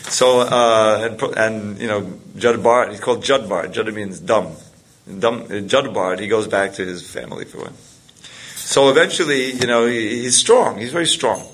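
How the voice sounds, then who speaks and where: Husky male teacher, low voice, loose rambling storytelling with restarts. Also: normal speed, fairly bright tone. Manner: rambling, many restarts and "you know"s, chuckles often. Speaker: spiritual teacher. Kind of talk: storytelling talk to a group.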